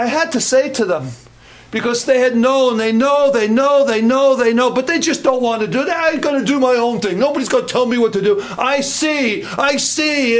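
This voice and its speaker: A man preaching a sermon, earnest and repetitive, with folksy humorous asides. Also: very high-pitched.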